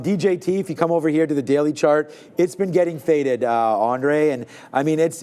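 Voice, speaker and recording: A man's voice: mid-range voice, a little mellow. A man co-hosting a live trading stream, talking through charts in a loose, chatty way. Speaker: market show co-host. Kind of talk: casual live trading commentary.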